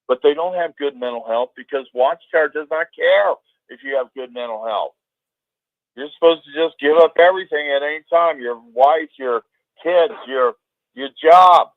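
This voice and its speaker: A man's voice: fairly high pitch, normal speed, creaky, dry recording. Male caller, heated and emphatic, swears; tinny phone audio. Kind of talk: call-in ranting.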